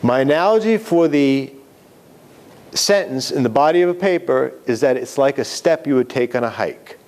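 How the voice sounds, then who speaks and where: A man's voice: mid-range voice, animated, moderate pace, a little mellow. A man teaching a class on writing, talking conversationally and putting questions to the audience. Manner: conversational, self-correcting, asks the audience questions. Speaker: writing instructor. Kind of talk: lecture to students.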